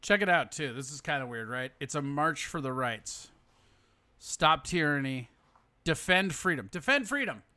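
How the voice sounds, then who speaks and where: A podcast host with a high, ringing bright voice. He talks in a casual, incredulous way, laughing and cursing as he reacts. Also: lively intonation, measured pace. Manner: laughing, incredulous, swears freely. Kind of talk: casual commentary on a viral video.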